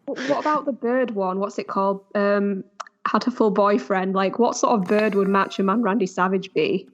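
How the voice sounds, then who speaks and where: A woman's voice: mid-range voice, normal speed, highs cut off. A woman co-hosting a podcast in casual chat, drawing out her remarks. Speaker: podcast co-host.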